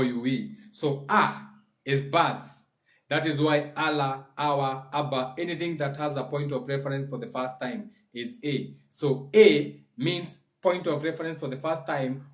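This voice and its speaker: A man with a Kenyan accent, a spiritual teacher giving a casual livestream lesson, explaining in a loose, chatty way and now and then chanting phrases slowly. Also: fairly high pitch.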